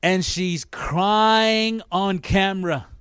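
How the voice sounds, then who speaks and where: A middle-aged man preaching a sermon as pastor, with emphatic, repetitive, drawn-out phrasing. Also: high voice, fairly bright tone, clear, resonant tone, no echo.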